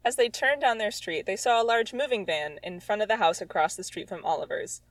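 A woman's voice: mid-range voice, a little fast, no room sound, rough recording. A woman reading her own childhood story aloud, with sarcastic, exasperated comic asides. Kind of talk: comedic reading with commentary.

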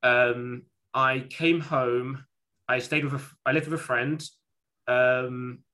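Bright-voiced man telling a rambling story. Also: mid-range voice. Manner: rambling storytelling with many restarts and fillers. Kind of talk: casual conversation.

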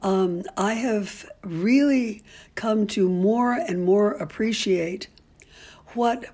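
An older woman with a husky, slightly breathy voice speaks as an interviewee. She tells stories in a candid, outspoken way. Her talk is full of ums and restarts. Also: mid-range voice, slow, darkish tone. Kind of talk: casual storytelling.

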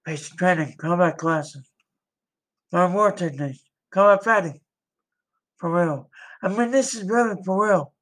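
A man's voice: high-pitched, unhurried, pauses often, fairly bright tone. A man in an amateur solo role-play as a soldier, talking in loose, rambling, earnest phrases.

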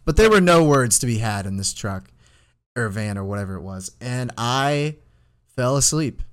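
A man's voice: mid-range voice, normal speed, clear, resonant tone. Rambling young man telling a story. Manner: rambling, animated storytelling with many fillers. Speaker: podcast co-host. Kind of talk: casual storytelling chat.

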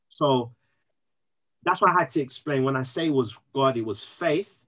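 A man, speaking as a podcast guest, earnest and emotional, telling his story in an animated way. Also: mid-range voice, normal speed, poor audio. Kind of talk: candid interview conversation.

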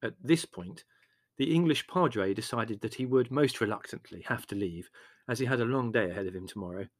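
Narrating an audiobook from a script, a man uses a medium-pitched voice and a measured, expressive storytelling delivery. There's no echo in the recording.

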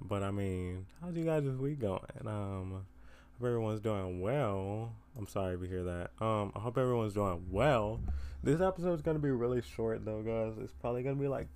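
Tired teen male podcast host, lowish smooth voice, rambling casual chat full of fillers. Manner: rambling, filler-heavy, self-deprecating.

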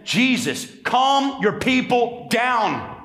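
A man's voice: extremely high pitch, big pitch swings, drawn-out words, fairly bright tone, echoey room, long reverb tail, faint music behind, voice pushed up, exaggerated voice. A man voicing nervous male religious leaders who stammer and plead anxiously.

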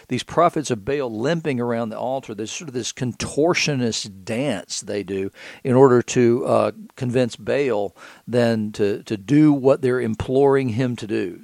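A man's voice: medium pitch, creaky, a little mellow, dry recording, studio quality. A man reading scripture aloud and breaking into casual commentary with rhetorical questions, as a preacher.

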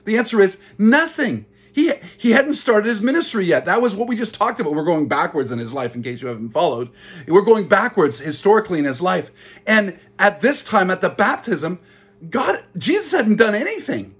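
Pastor guy preaching, kinda husky voice, keeps repeating lines for emphasis. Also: high-pitched, big pitch swings, normal speed, fairly bright tone. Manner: earnest, repeats phrases for emphasis. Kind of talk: sermon.

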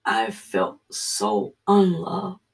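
A Bible study leader reading scripture and telling a personal testimony, earnest and halting, dropping to a hushed voice. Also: mid-range voice, big pitch swings, vocal fry, distant mic.

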